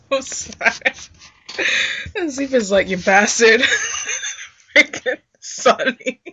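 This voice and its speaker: A woman's voice: high-pitched, huge pitch swings, extremely slow, long pauses, bright, forceful tone, breathy edge. A woman in a casual podcast chat who laughs through her comments. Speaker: podcast co-host. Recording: dull lo-fi sound.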